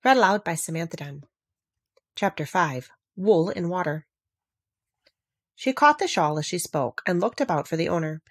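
A woman reading a children's classic aloud in a measured, even storytelling manner, close to the microphone. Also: on the low side, husky, no room sound. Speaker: narrator. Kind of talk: audiobook narration.

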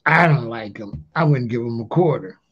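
A man's voice: mid-range voice, lively intonation, moderate pace, fairly bright tone, a little hiss or hum. A man giving a casual ranting monologue in loose street slang, often tagging lines with "allegedly" and "you know what I'm saying". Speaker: commentator on a talk channel. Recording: dull lo-fi sound.

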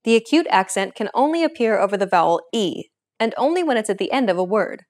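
A woman hosting a language lesson, reading a script with a clear, upbeat teacher's delivery. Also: mid-range voice, animated, fast, darkish tone.

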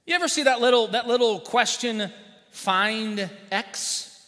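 A man's voice: very high-pitched, measured pace, pushed and bright. A man preaching a sermon as pastor, folksy, telling jokes and asking the congregation questions. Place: church sanctuary. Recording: long church hall reverb.

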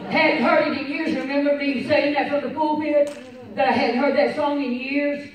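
A woman pastor preaching a sermon, swinging from shouted fervor to quiet personal storytelling. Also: high voice, fairly even intonation, moderate pace. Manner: fervent preaching, rising to shouts, dropping to soft personal storytelling. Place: church sanctuary. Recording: echoey church from far off. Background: congregation responses.

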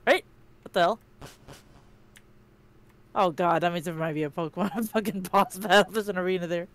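A woman's voice: fairly low pitch, moderate pace. A woman co-hosting a game playthrough, laughing often and swearing as she reacts and reads lines. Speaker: let's play co-host. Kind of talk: casual game commentary and reading dialogue.

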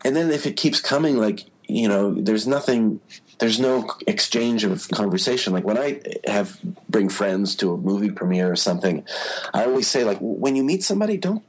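Male journalist guest, husky low voice, rambling anecdotal storyteller. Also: moderate pace, rough recording. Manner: chatty storyteller, many "you know" fillers. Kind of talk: casual interview talk.

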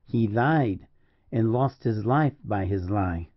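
A man's voice: fairly low pitch, animated, takes it slowly, no room sound, highs cut off. A man voicing a cold, stern general who questions prisoners with harsh commands.

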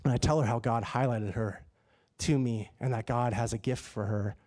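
A man preaching a sermon in a church, telling a personal story in a lively, conversational way. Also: medium pitch, moderate pace. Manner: animated and conversational, acts out his own dialogue. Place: church sanctuary.

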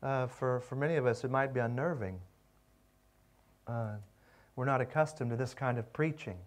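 A man teaching a seminary class on pastoral care, reflective and unhurried, with many pauses. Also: mid-range voice. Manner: slow, reflective, with pauses and fillers. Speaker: seminary lecturer. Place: lecture room.

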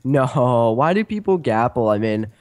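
A man's voice: mid-range voice, very animated, unhurried, a little mellow. A man joining a game video as a guest, teasing his co-player and laughing often in casual chat.

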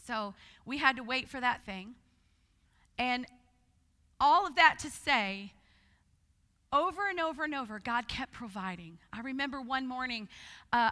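High bright woman preaching in a hall. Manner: lively storytelling, acts out voices. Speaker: guest speaker. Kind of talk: conference sermon with testimony. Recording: long hall reverb.

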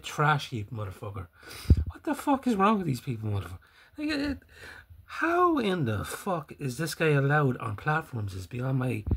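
A young Irish man rants in a husky, slightly breathy voice at an ordinary pitch for a man. He piles on profane insults with open scorn and breaks into loud laughing fits. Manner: angry, sweary, scornful insults. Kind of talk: profane ranting commentary.

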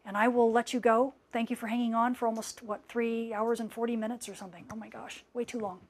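Middle-aged woman doing a livestream q&a, kinda high voice, gushy and excited, voice worn out from talking for hours. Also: fast talker. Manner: gushing and enthusiastic, warm thanks to viewers. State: voice worn out after a long stream. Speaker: space weather scientist hosting a live Q&A. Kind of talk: live-stream chat reading viewer comments.

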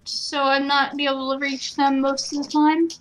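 A woman with a high voice plays a tabletop game, chatty and practical as she checks her spells. Faint music plays underneath. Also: level tone, moderate pace. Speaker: player. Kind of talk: playing a tabletop game over voice chat.

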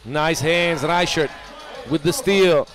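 A man giving live basketball play-by-play, excitable and rising to shouts on big plays. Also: fairly high pitch, slow pace, soft background music. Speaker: play-by-play commentator.

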